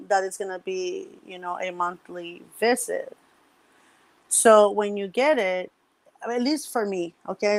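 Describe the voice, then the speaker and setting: A middle-aged woman chatting as a podcast guest, telling stories with acted-out quotes and frequent laughter. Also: mid-range voice. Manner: lively storyteller, acts out quotes, laughs often. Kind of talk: casual podcast chat.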